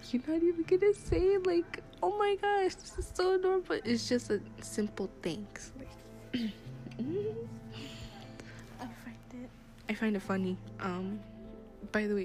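A young woman hosting her own podcast in casual, rambling chat, with plenty of fillers and laughs, recorded while she sits in a classroom. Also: medium pitch. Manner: chatty, rambling, laughs often, many fillers. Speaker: podcast host. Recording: music behind the voice.

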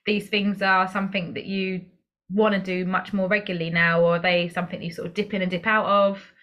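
A woman's voice: mid-range voice, little pitch movement, fairly quick, fairly bright tone, lo-fi sound. A woman hosting a podcast, speaking in a reflective, encouraging way during a casual interview. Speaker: podcast host.

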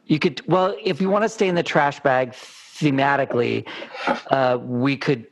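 A man's voice: medium pitch, normal speed, vocal fry, no echo, rough recording. A man chatting as a guest on a game segment, amused and rambling as he talks through his ideas. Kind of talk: casual chat.

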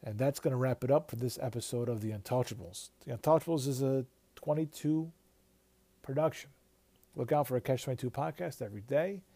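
A man with a mellow, warm voice hosts a podcast in a loose commentary style. His pitch sits in an ordinary middle range. He talks freely, swears often and restarts his sentences. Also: fairly quick, dry recording. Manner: loose and profane, with many restarts. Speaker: podcast host. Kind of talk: casual commentary.

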